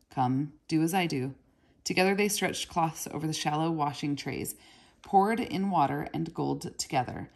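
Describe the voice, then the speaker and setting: A woman narrating a children's novel aloud in a steady, measured reading. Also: low-pitched, creaky. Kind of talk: read-aloud storybook narration.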